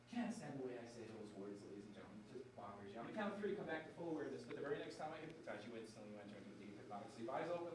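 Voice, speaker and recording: A man working as a stage hypnotist, giving commanding, repetitive suggestions on a TV studio stage. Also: fairly high pitch. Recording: roomy stage sound from a distant mic, with background noise.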